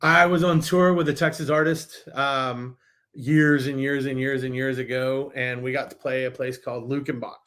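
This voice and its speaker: A man as a guest in a casual interview, telling stories in an animated way with frequent restarts. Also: medium pitch, normal speed.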